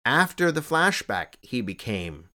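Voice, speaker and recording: A man co-hosting a casual film chat, talking in an animated way with many stammered restarts. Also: a little slow. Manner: animated, stammering restarts, excitable pitch jumps. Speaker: podcast co-host.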